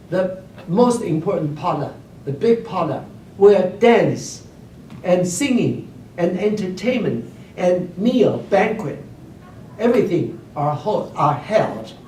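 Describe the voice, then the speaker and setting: A man's voice: high voice, a little mellow, far from the mic, slight background noise. A man teaching classical Chinese poetry to a class, keeps checking that the students follow, and hums examples. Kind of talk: classroom lecture. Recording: roomy classroom recorded from afar.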